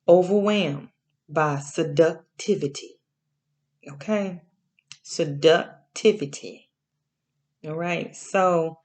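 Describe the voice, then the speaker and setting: A woman teaching a Bible lesson in a casual spoken sermon, slow and repetitive, often checking in with "okay?" and drawing out key words. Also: on the low side, darkish tone.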